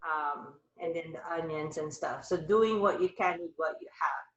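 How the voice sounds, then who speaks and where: A woman's voice: low voice, moderate pace, echoey room, a little hiss or hum, poor audio. A woman hosting a live wellness chat over a video call, talking in a rambling, upbeat way. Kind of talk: casual chat.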